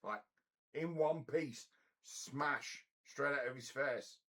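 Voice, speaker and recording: A man's voice: medium pitch, slow pace, a bit bright. A middle-aged man tells a story in a blunt, profane, rambling way, often restarting his sentences. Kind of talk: casual storytelling monologue.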